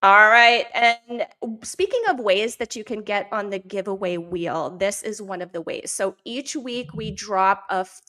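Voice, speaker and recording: A woman's voice: medium pitch, a little slow, hardly any pauses, sharp tone. A woman from New Hampshire with a New Hampshire accent, hosting a casual morning chat show, upbeat and laughing easily. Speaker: podcast host.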